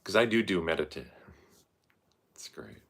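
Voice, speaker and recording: Male host, wandering profane monologue, gravelly fry, very animated pitch. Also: normal speed. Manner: profane, meandering, stream-of-consciousness. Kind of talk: rambling casual monologue.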